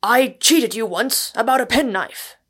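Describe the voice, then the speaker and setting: A woman reading an audiobook, voicing a wild, exuberant man who shouts out of a tree. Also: measured pace, slightly rough. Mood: teasing. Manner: booming, exuberant.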